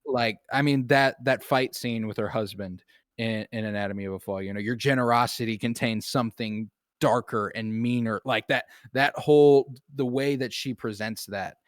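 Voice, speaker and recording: A man's voice: mid-range voice, moderate pace, no room sound, clean studio sound. A man co-hosting a podcast, talking casually about films, loose and profane with lots of fillers. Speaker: podcast co-host. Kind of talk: casual film chat.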